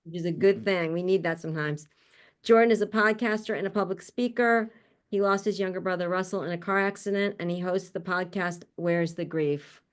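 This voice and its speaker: A woman's voice: on the low side, fairly even intonation, brisk. A woman hosting an online panel on a video call, introducing guests in a chatty, friendly way with frequent laughs and asides. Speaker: panel host.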